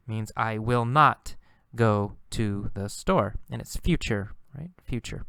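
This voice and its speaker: A man's voice: fairly low pitch, slow pace, vocal fry, hardly any pauses, fairly bright tone, smooth, no echo, clean studio sound. A man teaching English, patiently explaining words and repeating simple example sentences. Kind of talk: slow, repetitive lesson narration.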